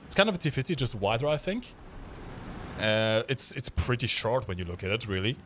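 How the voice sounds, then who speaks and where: A chatty man co-hosting a game stream, explaining as he plays and dropping fillers along the way. His pitch swings widely up and down, and a faint noise sits behind his voice. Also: big pitch swings, a little fast, fairly bright tone. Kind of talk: casual gameplay commentary.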